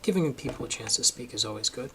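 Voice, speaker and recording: A man's voice: mid-range voice, lively intonation, fast talker, fairly bright tone, slight background noise. A man giving a casual, emphatic opinion monologue for his video channel, getting worked up as he argues his point. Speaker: political commentary vlogger.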